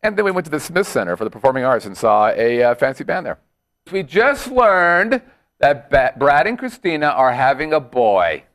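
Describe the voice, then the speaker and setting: Animated joking man hosting a chat show. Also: medium pitch, moderate pace. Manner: jokey, animated storytelling with hillbilly put-on bits. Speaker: show host. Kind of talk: casual chat.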